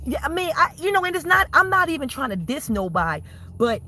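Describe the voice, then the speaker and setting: A woman's voice: high-pitched, sing-song, brisk, sharp tone. A woman livestreaming and chatting casually with her viewers, rambling, swearing freely and laughing often.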